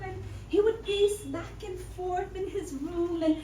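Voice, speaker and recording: A woman's voice: very high-pitched, a little slow, few pauses, mellow, far from the mic. A woman telling a story to a live audience in a playful way that draws them in. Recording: echoey room, voice from afar, noise.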